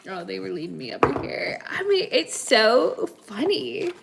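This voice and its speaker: Lively, gravelly tarot-reader woman. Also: fairly high pitch, measured pace, heavy background noise. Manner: chatty, laughs often, playful voices for the audience; calls the audience kids, honey, guys. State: sniffly. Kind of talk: live tarot reading chat.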